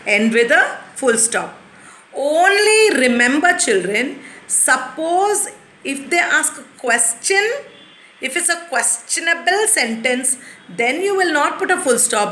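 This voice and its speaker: A woman teacher giving a lesson to young children, explaining patiently and repeating things slowly. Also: high-pitched, bright, forceful tone, a little hiss or hum. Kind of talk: recorded classroom lesson. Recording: echoey room.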